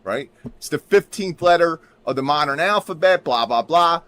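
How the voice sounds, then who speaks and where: A man's voice: fairly high pitch, lively intonation, moderate pace, a bit bright. A man hosting a livestream, talking in a rambling, emphatic way and asking "right?" again and again while looking things up at his computer. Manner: repeats "right?" constantly, emphatic, drifts into mutters. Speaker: livestream host.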